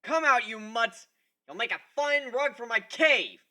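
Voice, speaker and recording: A man's voice: mid-range voice, sing-song, slow, bright, forceful tone, full character voice. A man voicing a cocky, menacing male griffin fighter in a dramatic story reading. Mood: taunting. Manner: taunting.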